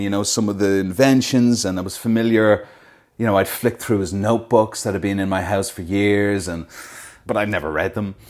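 A man with an Irish accent chats easily, his voice sitting a little low. He laughs at himself often and trips over his own sentences as he goes. It sounds like an unhurried conversation between two actors. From Ireland. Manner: relaxed, self-deprecating, laughs often, many restarts. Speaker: actor interviewed about a series. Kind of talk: casual conversational interview.

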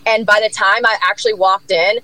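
A woman telling a story in casual chat, rambling and animated, packed with "like" and casual swearing. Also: a little fast, low-quality recording. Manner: rambling, lots of "like" fillers and swearing; animated, jumps high in pitch when quoting others.

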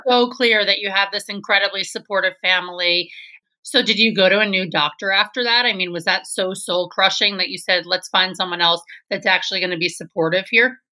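A woman's voice: medium pitch, fairly even intonation, brisk, pushed and bright. A woman interviewing a guest, asking encouraging questions in a casual interview.

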